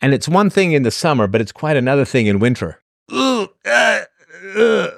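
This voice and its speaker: A man's voice: mid-range voice, expressive, fast talker, no room sound, studio quality. A man from England telling a rambling comic story, sardonic and full of exaggeration.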